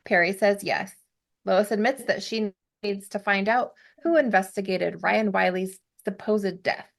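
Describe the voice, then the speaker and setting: A young adult woman hosts a casual podcast and recaps a TV episode. She talks in a chatty way with giggly side comments, and her voice sits at an ordinary middle pitch. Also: measured pace, creaky. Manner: chatty, giggly, narrates plot with asides. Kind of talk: casual chat.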